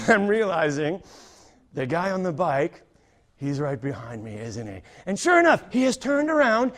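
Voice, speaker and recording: A male comedian tells a story on a theater stage in a fairly high voice. His delivery swoops up and down, full of animation as he plays out the scene. He is lively and performative throughout. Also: normal speed. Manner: animated, acts out characters. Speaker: stand-up comedian.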